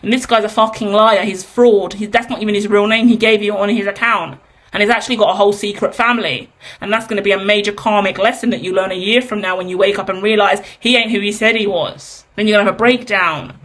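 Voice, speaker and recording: A woman's voice: mid-range voice, fairly even intonation, fast, a bit bright. A woman in her thirties giving a candid, chatty tarot reading, asking herself rhetorical questions and swearing freely. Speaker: tarot reader. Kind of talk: casual tarot reading monologue.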